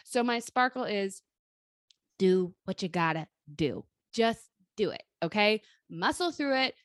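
A woman's voice: medium pitch, expressive, unhurried, no room sound, studio quality. A woman in her thirties co-hosting a chatty podcast, talking bluntly and swearing freely. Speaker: podcast co-host. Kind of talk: casual chat.

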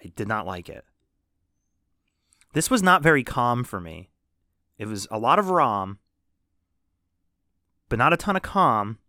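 A man's voice: mid-range voice, big pitch swings, a little slow, long pauses, bright, forceful tone, dry recording. Podcast co-host, male, profane and teasing, dry close sound. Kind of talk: casual chat reviewing a movie.

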